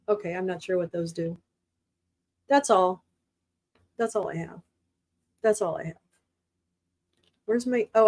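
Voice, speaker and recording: A woman's voice: mid-range voice, slow, long pauses, a little mellow. A woman hosting a livestream in casual chat, thinking aloud as she tries out gadgets at her desk. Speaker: livestream host. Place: at her desk, home streaming setup.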